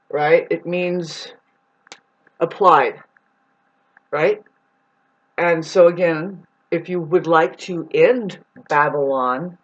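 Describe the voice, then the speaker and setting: Female vlogger, loose rambling delivery, casual swearing, pet name for viewers, muffled lo-fi recording. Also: lowish voice. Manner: rambling, swears, calls listeners "babes". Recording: dull lo-fi recording.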